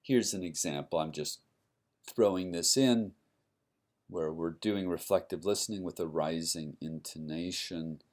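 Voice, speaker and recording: Slow, deep-voiced male lecturer. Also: a little mellow. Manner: explanatory, with frequent restarts and "right?" checks. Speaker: university lecturer. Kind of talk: recorded classroom lecture.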